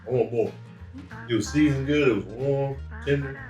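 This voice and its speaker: A man's voice: medium pitch, normal speed. A man tasting food with friends, enthusiastic and playful about it. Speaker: guest taster. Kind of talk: casual tasting chat. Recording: roomy, from a distance, with guitar music.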